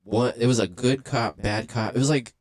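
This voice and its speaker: A man hosting a livestream, casually telling a profane, animated story and acting out quotes along the way. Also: medium pitch, normal speed. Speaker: livestream host.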